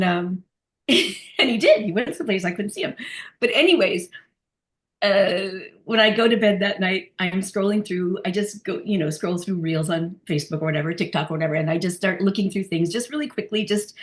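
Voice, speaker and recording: A woman in a discussion group telling a personal story in a casual, animated way, with fillers and restarts. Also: mid-range voice, normal speed. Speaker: group participant sharing a story.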